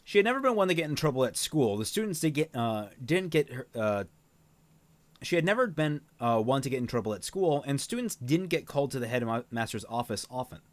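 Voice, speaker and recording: A man's voice: mid-range voice, big pitch swings, a little fast, dry recording. A man reading a fan novel aloud on a stream, adding his own commentary, with frequent fillers and restarts. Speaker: reader and streamer.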